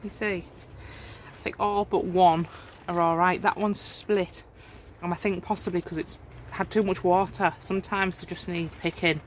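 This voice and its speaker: A home gardener, chatting casually through a vlog walkthrough inside a warm polytunnel, with frequent amazed exclamations. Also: medium pitch, fairly even intonation, unhurried, a little hiss or hum.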